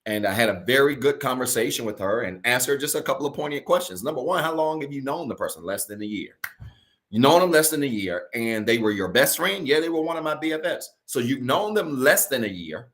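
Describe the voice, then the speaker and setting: A male pastor preaching a sermon to a virtual congregation from home, colloquial, often calling his listeners y'all, slowing down to stress key phrases and rushing through asides. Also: mid-range voice, lively intonation, a bit bright. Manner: preaching with slow emphatic stretches and quick asides.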